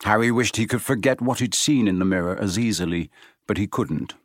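A man narrating an audiobook in a measured, steady storytelling manner. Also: lowish voice, dry recording, clean studio sound.

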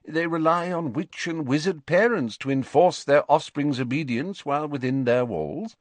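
A man voicing a calm old male wizard headmaster in an audiobook reading, speaking in a measured, patiently explaining way. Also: fairly high pitch, dry recording, pitched above the performer's own voice, lightly acted.

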